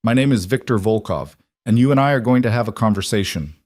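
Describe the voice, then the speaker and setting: A man playing a calm, menacing mob boss with a Russian accent, recorded dry and close. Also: on the low side, fast talker, no echo.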